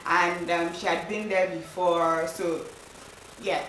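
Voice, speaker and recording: A woman's voice: on the low side, flat delivery, takes it slowly, fairly bright tone, a little hiss or hum. A young woman vlogging her trip in a chatty, casual way, full of "like" and "um" fillers. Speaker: travel vlogger. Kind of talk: casual chat to camera. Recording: roomy, distant mic with faint ambience.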